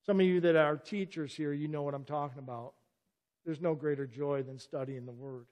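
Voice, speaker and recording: A middle-aged man delivers an earnest sermon with a slightly higher pitch than most men. He presses his points emphatically and keeps calling his listeners back with "listen." His voice carries with a long reverb through a church sanctuary. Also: steady tone, brisk, a little mellow. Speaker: pastor.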